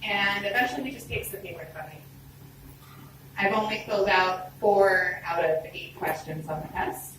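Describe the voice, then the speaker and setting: A woman telling a personal story on a live storytelling stage, expressive, conversational and self-deprecating. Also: medium pitch, normal speed. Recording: roomy hall, distant mic, background noise.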